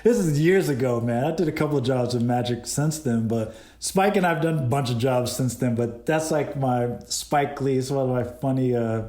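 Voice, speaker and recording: Cinematographer guest, lively storyteller, laughs a lot, voice a bit echoey. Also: male voice, mid-range voice, moderate pace, few pauses. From Boston. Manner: animated, laughing, retells exchanges. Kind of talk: casual storytelling interview. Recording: roomy echo.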